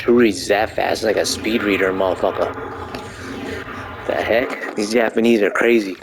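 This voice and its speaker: A man casually commentating his gameplay, rambling and joking with crude swearing and excited outbursts while stretching. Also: fairly low pitch, noisy background. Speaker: gamer commentating his play. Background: arcade game music.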